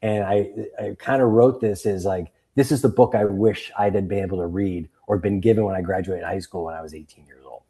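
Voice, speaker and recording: This deep, husky male voice moves briskly with hardly any pauses. It belongs to a Boston man in his fifties, a guest author and coach, telling stories in a relaxed interview. He's an animated storyteller who acts out the voices of the people he quotes.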